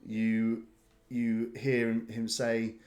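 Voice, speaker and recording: A man running a tabletop game, narrating with frequent restarts and pauses. His voice is plain and mid-pitched, moving along at an easy pace. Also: completely flat delivery, darkish tone. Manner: halting, many restarts. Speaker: game master.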